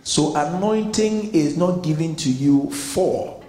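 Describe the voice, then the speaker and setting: A man's voice: fairly high pitch, takes it slowly, mellow. A Ghanaian man with a Ghanaian accent preaching a sermon as pastor, emphatic and building in force. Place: church hall. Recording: echoey hall with long reverb.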